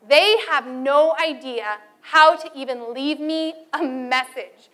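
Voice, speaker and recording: A woman teacher telling animated classroom stories during a training talk and acting out her students and her phone calls. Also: high-pitched, slow pace.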